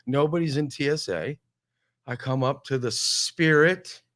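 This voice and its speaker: A man telling a casual, animated comic story on a talk show, full of exasperation. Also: mid-range voice, unhurried.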